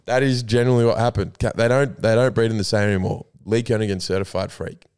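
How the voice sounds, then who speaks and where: A man's voice: fairly low pitch, fairly even intonation, fast, a little mellow, clean tone. A young Australian man co-hosting a podcast, rambling through stories with lots of swearing and laughter. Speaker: podcast co-host. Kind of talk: casual chat.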